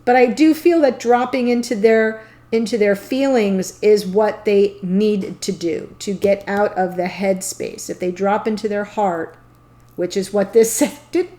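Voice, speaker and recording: Woman, tarot reader, playful, giggly, slow-paced. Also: mid-range voice, steady tone, warm tone. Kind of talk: tarot reading to camera.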